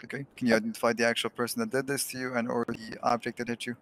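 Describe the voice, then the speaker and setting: A man's voice: mid-range voice, level tone, rapid-fire, fairly bright tone. A man role-playing a paramedic in a game, talking in stiff, formal medical jargon. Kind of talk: in-character game role-play.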